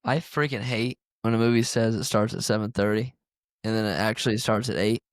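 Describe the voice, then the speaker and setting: A man's voice: fairly low pitch, a little fast, no echo, clean studio sound. A young man co-hosting a podcast, telling a story in a rambling, casual way full of fillers. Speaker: podcast co-host. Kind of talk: casual chat.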